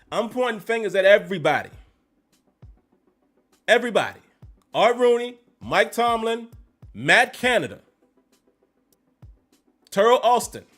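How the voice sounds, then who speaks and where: A man hosting a live-streamed football recap, animated and emphatic, repeating phrases to drive his points home. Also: high voice. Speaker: sports commentary host.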